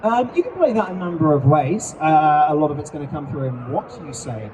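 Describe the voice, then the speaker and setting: A man's voice: fairly high pitch, lively intonation, a little fast, darkish tone, distant mic, a little hiss or hum, poor audio. A man co-hosting a live convention talk on tabletop character creation, chatty and playful, explaining with acted examples. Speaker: co-host teaching character creation. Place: convention stage.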